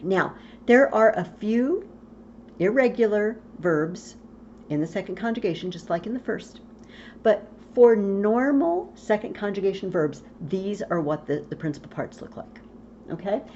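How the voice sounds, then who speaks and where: Female teacher, unhurried and patient, drilling verb forms for students; muffled home-video sound. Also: mid-range voice, animated, mellow. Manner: patient, slow, spells out endings and repeats forms. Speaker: Latin teacher. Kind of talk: recorded video lesson. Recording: dull lo-fi audio with faint hiss.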